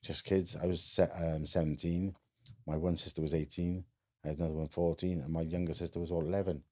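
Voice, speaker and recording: A man's voice: sits low, level tone, brisk, warm tone. A man from Wales, a podcast guest telling stories from his life in a frank, matter-of-fact way, full of fillers and restarts. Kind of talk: casual storytelling.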